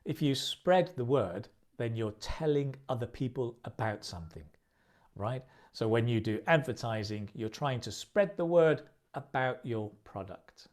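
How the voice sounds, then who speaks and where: A man teaching English idioms in a recorded video lesson, speaking slowly and clearly and repeating phrases for practice. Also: medium pitch, expressive, darkish tone.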